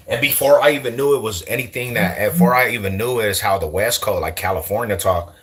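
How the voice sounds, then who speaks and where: A young man from Denver with an East Side Denver accent, talking casually and slangily to camera as a vlogger. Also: lowish voice. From Denver, USA. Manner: slangy, loose, animated, laughs often. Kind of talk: casual street talk to camera.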